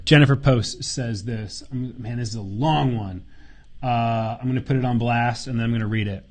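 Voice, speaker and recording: Fired-up man hosting a live Q&A. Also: medium pitch. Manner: earnest, fired up, repeats words; casual swearing and slang. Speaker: host answering viewer questions. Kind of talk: casual live Q&A.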